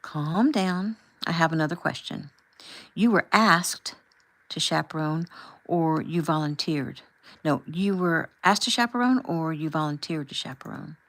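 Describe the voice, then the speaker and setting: A woman voicing a calm, firm husband and father who asks measured, pointed questions as he confronts a chaperone in an audiobook. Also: fairly high pitch, poor audio. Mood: firm rebuke.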